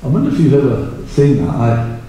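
A man preaching a sermon, telling Bible stories in an animated way and acting out the disciples in quoted voices. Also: medium pitch, fairly quick. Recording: echoey hall recorded from far off.

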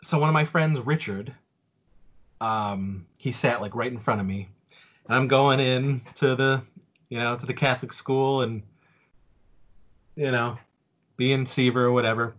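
A man's voice: mid-range voice, unhurried, long pauses, a bit bright. A man in his forties on a casual podcast, telling a story with lots of fillers and restarts. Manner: rambling, with many fillers and restarts.

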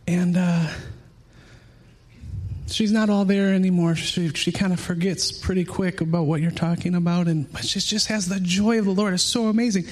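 Earnest high-voiced man preaching. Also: fairly even intonation, normal speed. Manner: earnest, repeats words when searching for them. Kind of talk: sermon.

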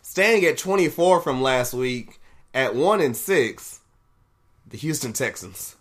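A man hosting a casual podcast, reading a sports ranking list out loud and laughing and swearing at the results. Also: medium pitch, animated, takes it slowly. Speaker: podcast host.

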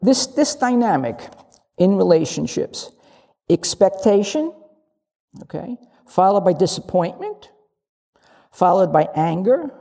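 A woman's voice: medium pitch, warm tone, slightly rough. An older woman giving a candid, humorous dharma talk as a lay Zen teacher, acting out little dialogues. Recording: long reverb of a large hall.

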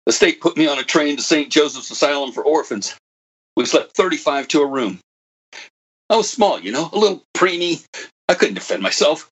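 A man's voice: a little high, lively intonation, normal speed, a bit bright. An actor playing a bitter old man who was once a computer prodigy, delivering a dramatic monologue that swings from wry to anguished. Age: older.

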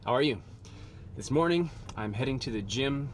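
A man with a sore throat and a cold coming on tells a story casually to camera, relaxed and chatty. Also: mid-range voice, moderate pace. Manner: relaxed, chatty, addresses viewers as "bro". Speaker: vlogger and father. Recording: street traffic noise behind.

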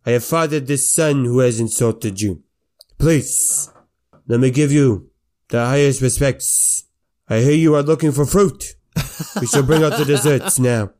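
A man's voice: medium pitch, unhurried, darkish tone, lightly acted. A man voicing a proud old crime boss. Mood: apologetic. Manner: commanding, fatherly, repeats "right?" and "okay?". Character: stern older male crime boss, proud.

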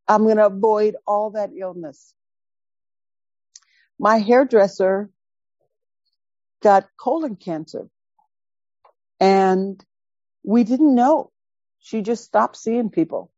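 A woman teaching Buddhist dharma, telling a personal story in an animated, emphatic way and repeating words for stress. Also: a little high, no room sound, highs cut off. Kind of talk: dharma talk with personal anecdote.

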